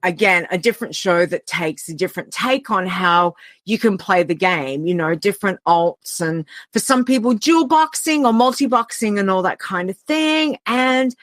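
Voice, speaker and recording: A woman's voice: mid-range voice, expressive, normal speed, fairly bright tone, no room sound. An Australian woman talking heartfelt and earnest as a podcast guest, often trailing off and restarting her sentences. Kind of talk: casual podcast conversation.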